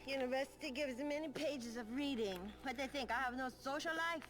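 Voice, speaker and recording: An actress playing a shy young female college student with a put-on Chinese accent, in a stilted, halting delivery. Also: sits high, natural voice. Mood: plain. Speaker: film character.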